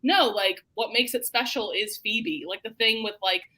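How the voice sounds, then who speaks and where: A woman's voice: fairly high pitch, normal speed. A woman in casual chat with a book group, eagerly retelling favorite scenes. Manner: excited storyteller. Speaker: book club member.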